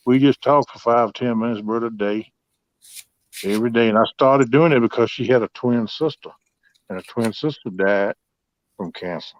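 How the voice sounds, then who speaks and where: A man's voice: mid-range voice, normal speed, no room sound. Man in his fifties, folksy and drawling, dull dry lo-fi sound. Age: 50s. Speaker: host. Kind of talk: casual storytelling chat.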